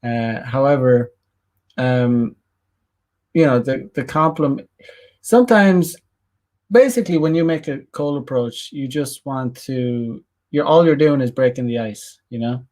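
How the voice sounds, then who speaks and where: Man, mid-range voice, casual vlog monologue, halting, lots of fillers and restarts. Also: medium pitch, darkish tone. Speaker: dating coach vlogger. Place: Japan.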